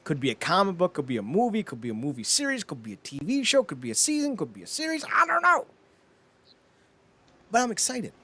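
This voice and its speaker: A man co-hosting a podcast, excitable and mocking in casual chat. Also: high voice. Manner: excitable, mocking, quick to laugh. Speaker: podcast co-host.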